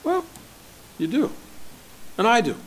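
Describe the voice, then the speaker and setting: A man's voice: extremely high pitch, wildly swooping pitch, slow, slight background noise. Conversational male pastor preaching. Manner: conversational, asks the congregation questions. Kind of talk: sermon.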